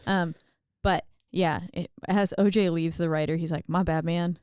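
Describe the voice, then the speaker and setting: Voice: medium pitch, fairly even intonation, moderate pace, a little mellow, smooth, no echo, studio quality. A podcast co-host chatting enthusiastically about a film and filling in plot details. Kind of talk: casual movie recap chat.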